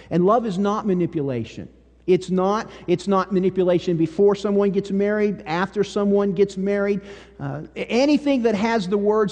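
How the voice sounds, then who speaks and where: Folksy pastor preaching in a hall. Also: male voice, high-pitched, moderate pace. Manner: folksy storytelling, drops to a hush for serious parts. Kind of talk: sermon. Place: church sanctuary. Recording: church hall reverb.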